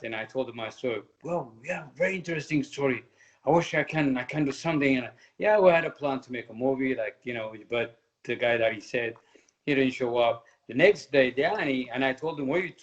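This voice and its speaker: Ethiopian-accented man, halting English. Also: mid-range voice. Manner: halting, non-native English with slow stretched phrases. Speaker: guest, former Olympic boxer and coach. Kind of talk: casual interview. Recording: muffled lo-fi audio.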